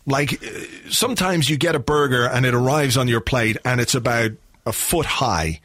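Guy cohosting a footy podcast, dry close mic, jokey rambly chat, mid pitch. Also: lively intonation, moderate pace, a bit bright, no room sound. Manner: wry, jokey, rambling asides. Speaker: podcast co-host. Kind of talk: casual chat.

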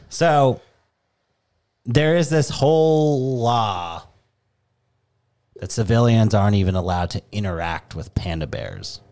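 Deep-voiced New England man, swearing and joking. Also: slow, pauses often. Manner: profane, joking, animated rants. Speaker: podcast co-host. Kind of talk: casual podcast chat.

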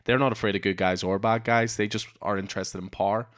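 A man's voice: fairly low pitch, fairly even intonation, fast talker, fairly bright tone, no echo, clean studio sound. A man, hosting a casual comics chat and eagerly recounting scenes in detail. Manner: enthusiastic, summarizes scenes in detail. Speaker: podcast host.

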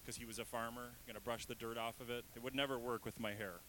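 A man preaching a sermon, emotional and shifting between hushed and raised delivery, acting out inner voices in asides. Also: medium pitch, fairly even intonation, fast, a little hiss or hum, poor audio. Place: church stage.

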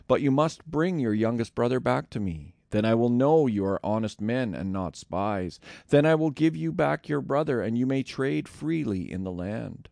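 A man's voice: mid-range voice, expressive, moderate pace, gravelly, few pauses, darkish tone, no echo, clean studio sound. A man reading the lines of a group of frightened brothers in a scripture reading, with an anxious, explaining delivery.

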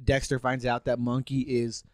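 A man's voice: mid-range voice, monotone, moderate pace, no room sound. Young man in profane casual banter. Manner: loose, profane, laughing banter. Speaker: podcast co-host. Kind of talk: casual chat.

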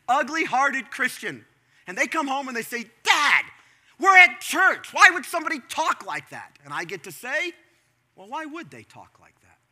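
A middle-aged male pastor preaching a sermon in a conversational way, breaking into sudden animated bursts. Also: high-pitched.

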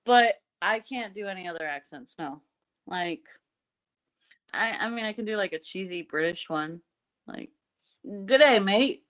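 A woman's voice: on the low side, normal speed, dry recording. Crude, candid woman telling stories. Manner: candid, crude, animated storyteller. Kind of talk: casual storytelling. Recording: dull lo-fi sound.

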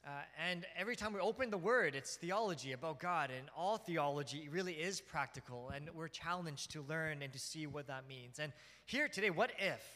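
A man preaching a sermon as pastor, telling family stories with lively acted-out scenes. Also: fairly high pitch, moderate pace, long reverb tail. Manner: animated storytelling, acts out scenes.

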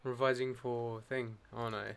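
A man's voice: mid-range voice, little pitch movement, moderate pace, gravelly, fairly bright tone, clean tone. Laid-back young man chatting. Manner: laid-back, swearing, joking banter. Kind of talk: casual chat.

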